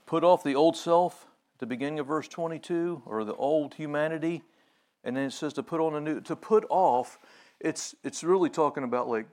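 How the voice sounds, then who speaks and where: A male pastor giving a conversational sermon, with many fillers and restarts, and growing animated when he retells a story. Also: a little high.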